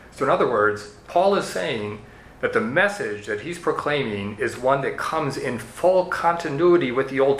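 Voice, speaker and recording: A man preaching a verse-by-verse sermon at a middle pitch, in an earnest teaching tone. His voice rings in a reverberant room. A faint hum of ambience sits behind him. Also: fairly bright tone. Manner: earnest teaching tone, leads listeners through verses. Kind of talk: expository sermon.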